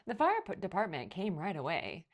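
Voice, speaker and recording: A woman reading a picture book aloud as a children's librarian, telling the story expressively. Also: moderate pace. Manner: expressive storytelling, lively pitch.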